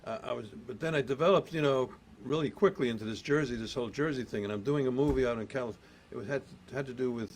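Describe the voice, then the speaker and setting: An older man from Providence, Rhode Island, an actor and guest telling animated stories in a casual chat and acting out the exchanges he recalls. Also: mid-range voice, quick pace, hardly any pauses, slight background noise. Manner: animated storyteller, acts out quoted exchanges.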